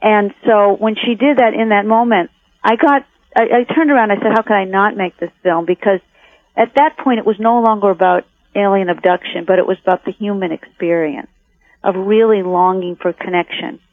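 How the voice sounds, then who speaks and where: A woman's voice: mid-range voice, a little fast, dry recording. A woman who makes documentary films, answering interview questions in a reflective way with frequent restarts. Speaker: documentary filmmaker, guest. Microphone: telephone. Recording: tinny phone line.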